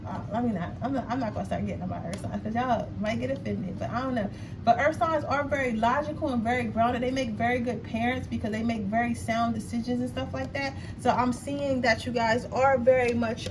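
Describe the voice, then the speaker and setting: A woman's voice: on the high side, brisk, noisy background. A young woman giving a casual pick-a-card tarot reading, blunt, slangy and full of profanity. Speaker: tarot reader.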